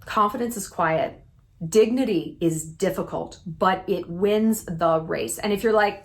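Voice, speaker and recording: A woman in her thirties giving blunt advice straight to her viewers, emphatic and salty-mouthed, with big swings in pitch. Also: unhurried. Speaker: YouTube commentator. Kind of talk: direct-to-camera advice talk.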